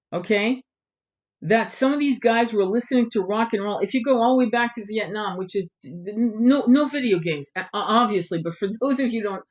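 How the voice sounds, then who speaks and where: Middle-aged woman ranting hard, swears a lot, blunt and fired up, mid-pitched voice. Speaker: tarot channel host. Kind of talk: impassioned monologue to camera.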